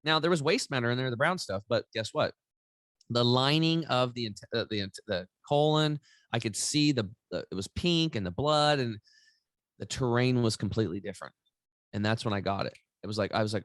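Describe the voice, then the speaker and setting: A podcast guest in his forties shares a personal story in a casual interview, full of energy and animation. His mid-range voice moves briskly and sounds a bit bright, with no echo.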